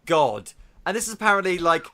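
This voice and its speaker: Lively, bright-voiced man ranting on a podcast. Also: high-pitched, fairly quick, slight background noise. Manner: animated, swearing, exaggerated retelling. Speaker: podcast host. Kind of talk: casual podcast review.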